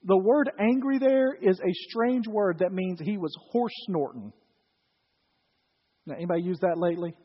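A man's voice: high voice, moderate pace, husky. A man preaching a sermon to a congregation, telling the story with acted-out voices and questions to the audience. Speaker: pastor. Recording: dull, echoey hall recording. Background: live congregation.

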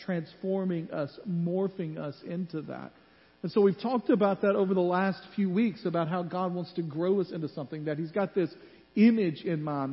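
A male pastor preaching a sermon in a church, telling stories and acting out the voices in them. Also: high voice. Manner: animated storytelling, acts out voices in quotes. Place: church sanctuary. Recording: muffled hall with long reverb.

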